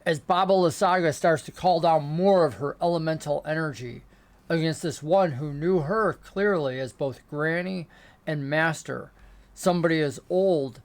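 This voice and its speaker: A man narrating as game master of a remote tabletop game, descriptive and rising into excited action narration. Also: on the high side. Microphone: remote call setup.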